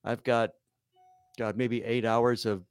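A man's voice: medium pitch, level tone, slow pace, clean tone, dry recording, studio quality, faint music behind. An older man, a comedian and musician, chatting as a guest in a self-deprecating, rambling way with many fillers. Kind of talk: casual interview chat.

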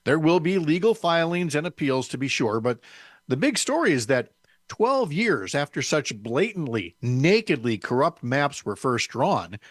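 A man hosting an interview, reading a scripted introduction and then asking questions in a measured, slightly halting way. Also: on the high side, dry recording, studio quality. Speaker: radio show host.

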